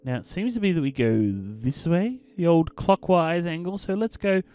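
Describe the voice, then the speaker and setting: A man's voice: fairly high pitch, expressive, normal speed, mellow, clean tone, no room sound. A man hosting a let's play, commenting casually and reading game text aloud in a theatrical storytelling way. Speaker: gaming channel host.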